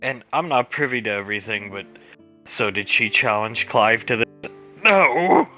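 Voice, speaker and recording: A man's voice: on the low side, moderate pace, bright, forceful tone, soft background music. A man playing a tabletop role-playing game, narrating his characters' actions and lines in a casual way and laughing often.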